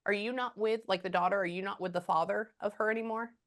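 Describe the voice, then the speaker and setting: A woman giving a psychic reading over a video call, halting often with quiet murmured asides. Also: mid-range voice, steady tone. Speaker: psychic medium.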